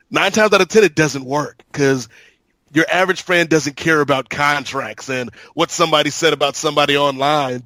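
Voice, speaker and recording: A man with a slightly raised pitch co-hosts a podcast and tells his stories at an even, measured pace. He often doubles up on words as he works out his point. The recording is dry and close to the mic. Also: no echo. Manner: measured, storytelling, repeats words while thinking. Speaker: podcast co-host. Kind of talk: casual chat.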